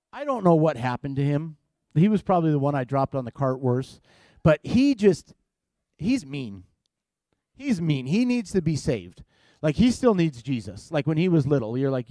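A middle-aged man preaching in a comic storytelling way, self-deprecating and full of halting restarts. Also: a little high, warm tone, dry recording, studio quality. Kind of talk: comedic sermon storytelling.

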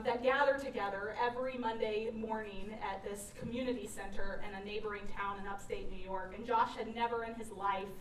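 Woman pastor, high voice, earnest sermon storyteller; roomy church sound, a little off-mic. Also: a little hiss or hum. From Virginia, USA. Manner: earnest storytelling with frequent restarts. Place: church sanctuary. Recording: echoey church room, mic from a distance.

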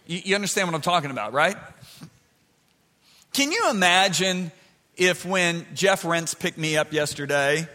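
A man preaching a sermon in a church, animated and building to shouts. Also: a little high, big-room sound.

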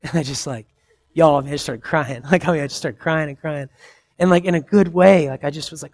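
A man in his thirties preaching a sermon, earnest and conversational, swinging between loud emphasis and soft, quiet asides. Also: a little high, a little fast. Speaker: pastor.

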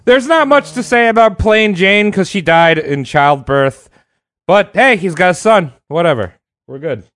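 A man's voice: high voice, animated, measured pace, fairly bright tone, no echo, studio quality. A man hosting a podcast, telling history in a casual, irreverent, slangy way. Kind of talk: casual comedic storytelling.

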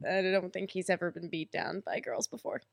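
A woman's voice: on the low side, fairly even intonation, a little fast, gravelly, dry recording, studio quality. A woman chatting as a guest on a wrestling podcast, making wry jokes. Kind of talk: casual podcast chat.

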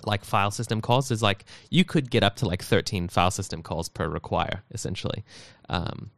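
A man's voice: fairly low pitch, animated, fairly quick, vocal fry, a bit bright, no echo, clean studio sound. A man co-hosting a podcast, chatting casually and joking with many fillers. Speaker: podcast co-host. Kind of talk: casual tech chat.

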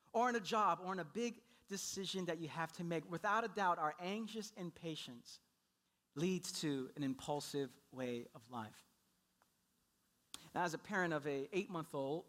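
Male pastor, young adult, sermon, storytelling, animated, slips into playful voices. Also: fairly high pitch.

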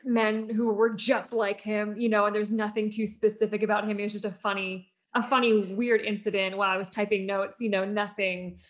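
A woman guest on a podcast, a speech therapist, telling stories from her work. Her voice is mid-pitched and animated. She talks with lots of fillers and restarts. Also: fairly quick, few pauses. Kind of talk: conversational storytelling.

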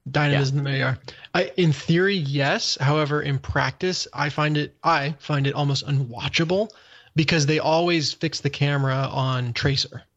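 A man's voice: on the high side, fairly even intonation, moderate pace, a bit bright. A man in casual podcast chat, making dry, wry remarks. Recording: slightly dull lo-fi recording.

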